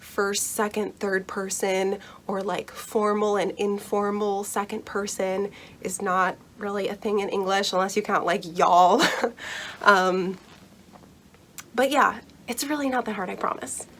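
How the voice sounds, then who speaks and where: A woman's voice: medium pitch, steady tone, unhurried, a bit bright, slight background noise. A young woman casually explaining how to read Shakespeare in a chatty, reassuring way, full of fillers and little laughs. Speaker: book vlogger explaining Shakespeare.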